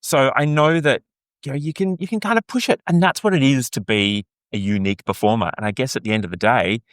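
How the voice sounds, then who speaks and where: A man's voice: fast talker, dry recording, clean studio sound. An Australian man co-hosting a podcast, chatting enthusiastically about a singing competition, his voice leaping up on questions. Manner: enthusiastic, animated, jumps to high pitch on questions. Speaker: podcast co-host. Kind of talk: casual chat reviewing a singing competition.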